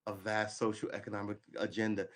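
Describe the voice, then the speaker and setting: A man's voice: on the low side, level tone, fairly quick. Angry profane man ranting live. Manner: reads news aloud and interrupts with remarks. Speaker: political commentary streamer.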